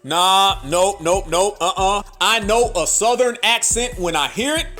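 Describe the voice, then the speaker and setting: A man with a strikingly high voice delivers a heated social commentary rant. He talks in an emphatic, sing-song way and circles back to mocking repeated phrases. Faint music plays under him. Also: unhurried, bright, forceful tone. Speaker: commentary channel host.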